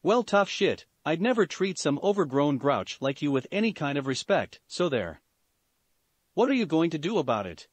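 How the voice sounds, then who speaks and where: A man voicing a brash, defiant teenage boy ninja who snaps back rudely and yells. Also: a little high, sing-song, moderate pace, no room sound. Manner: snappy, rude, yelling.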